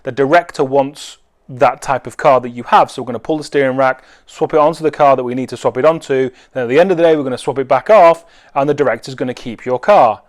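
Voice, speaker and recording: A man's voice: mid-range voice, fast talker, lightly acted. A man voicing an eager, well-spoken young man from a film crew who keeps pressing to buy a car. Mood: explaining. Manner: pushy, insistent, repeats himself.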